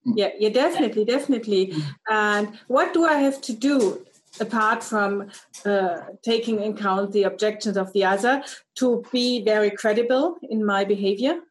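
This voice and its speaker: A woman's voice: mid-range voice, moderate pace, slight background noise, poor audio. A woman in an interview, agreeable and a bit hesitant, with many short replies. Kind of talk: conversational interview.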